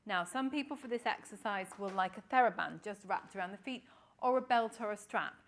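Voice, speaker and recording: Woman calmly guiding a Pilates class. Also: medium pitch, fairly quick. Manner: calm, encouraging counting cues. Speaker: Pilates instructor. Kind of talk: guided exercise class instruction.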